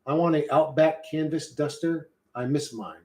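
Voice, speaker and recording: A man's voice: on the high side, normal speed, darkish tone, echoey room. A man with an American accent streaming casually, rambling and swearing while he reads chat. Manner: profane, rambling, loose and joking. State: hot and sweating.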